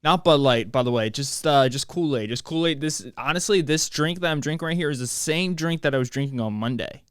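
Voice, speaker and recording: A man's voice: a little high, fairly quick, clean tone, dry recording, studio quality. A young man hosting his own podcast, ranting alone in a joking, self-mocking way with many restarts. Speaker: podcast host. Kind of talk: solo rambling rant.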